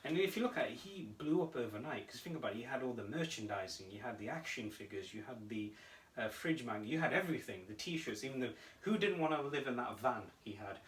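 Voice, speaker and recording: A man co-hosting a casual podcast, telling stories with animated energy and frequent laughter. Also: mid-range voice, quick pace, hardly any pauses, slight background noise. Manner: animated storytelling, laughs often. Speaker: podcast co-host. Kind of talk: casual chat. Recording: roomy echo, mic at a distance.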